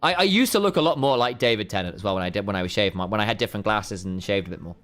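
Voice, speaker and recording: A man's voice: fairly low pitch, expressive, very fast, a bit bright, faint music behind. A man, a co-caster on a live stream, chatting casually to his viewers in a rambling way and often stopping mid-sentence to repeat words. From United Kingdom. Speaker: esports co-caster.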